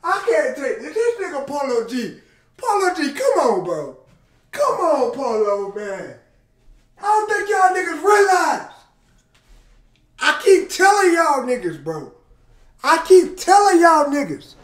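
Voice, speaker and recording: A man reacting to music on his channel, excitable and emotional, shouting and exclaiming and talking straight to his viewers. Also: very high-pitched, measured pace, long pauses. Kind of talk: casual reaction commentary.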